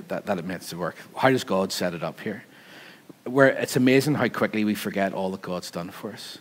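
A man with a Northern Irish accent, preaching a sermon in an animated, joking, conversational way, laughing often as he tells a story. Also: on the low side. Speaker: pastor.

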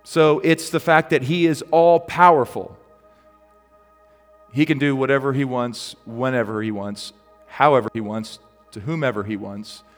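A man preaching a sermon as a pastor, telling a story in a relaxed, conversational way with frequent ums and restarts. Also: medium pitch, measured pace, in a large hall, faint music behind.

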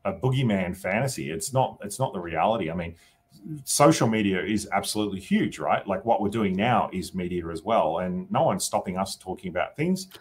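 Australian politician guest, deep husky voice, loose conversational answers with lots of "you know" asides. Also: male voice, expressive, fairly quick. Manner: thinking aloud, often adds "you know" and "right?". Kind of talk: casual interview answers.

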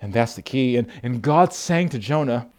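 A man's voice: mid-range voice, expressive, normal speed. A man preaching a sermon as a pastor, impassioned, with frequent restarts, addressing his congregation as folks. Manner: impassioned, repetitive restarts, acts out quotes loudly.

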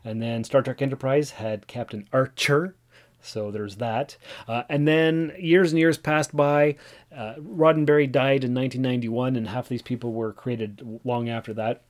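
A man's voice: mid-range voice, fairly even intonation, moderate pace. A man in his forties hosting a solo podcast, talking casually in a rambling, self-deprecating way with frequent restarts. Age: 40s. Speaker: podcast host.

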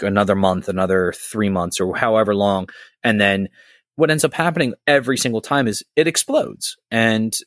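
A man who used to co-host the podcast, chatting casually in a rambling, animated way and swearing freely. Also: fairly low pitch, no echo, studio quality. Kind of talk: casual chat.

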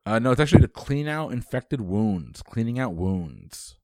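A man hosting a trivia quiz, reading questions briskly and dropping dry quips. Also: mid-range voice, lively intonation, darkish tone, dry recording.

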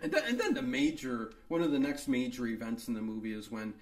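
A man's voice: mid-range voice, huge pitch swings, fast, vocal fry. A man co-hosting a casual movie review chat, rambling with many restarts and fillers. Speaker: podcast co-host. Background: co-host talking along.

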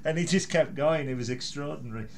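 A man's voice: on the high side, fast talker, a crowd in the background. A middle-aged man hosting a podcast interview, telling anecdotes and laughing easily. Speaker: podcast host. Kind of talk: casual interview chat.

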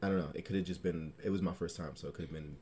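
Deep-voiced male podcast co-host. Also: very fast, a loud crowd. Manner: relaxed, hesitant, lots of ums. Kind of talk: casual chat.

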